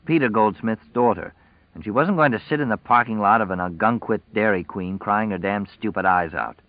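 A man narrating a novel in a steady, measured read. His voice sits low, with a muffled top end and a dead-dry, close sound. No room at all around him. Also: dry recording. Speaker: audiobook narrator. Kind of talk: scripted narration.

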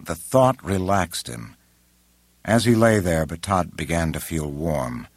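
A man narrating an audiobook in a measured, unhurried way, recorded close on a studio mic. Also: low-pitched, lively intonation, dry recording. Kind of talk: scripted narration.

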